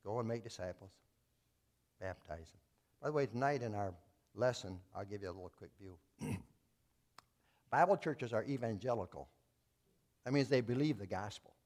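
A man preaching as a Baptist pastor, folksy and plain-spoken, swinging between loud emphatic lines and quiet asides. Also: on the low side, expressive, moderate pace, pauses often. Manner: folksy, telling jokes and acting out voices. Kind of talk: sermon.

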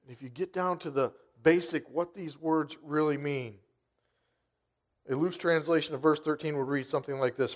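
A man preaching a sermon, reading scripture softly and slowly, then stressing key words with rising force. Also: fairly high pitch. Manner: emphatic, rising to loud stresses. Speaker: pastor.

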